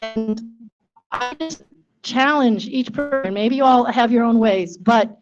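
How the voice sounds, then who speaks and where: A woman in the audience, making a comment at a talk in a halting, hesitant way. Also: a little high, over music. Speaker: audience member. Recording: dull lo-fi recording.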